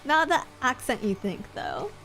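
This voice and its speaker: Giggly woman streamer, slightly high voice. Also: big pitch swings, unhurried, music in the background. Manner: playful, giggly, self-mocking. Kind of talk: casual chat reading viewer comments.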